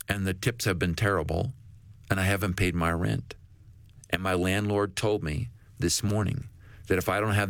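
A man voicing a desperate young single mother, a waitress, in a quiet, low, earnest retelling. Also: no room sound.

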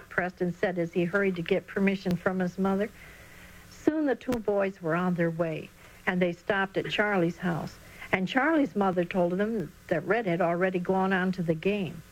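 A woman narrating a children's Christian storybook in an expressive reading voice. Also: lowish voice, normal speed, poor audio.

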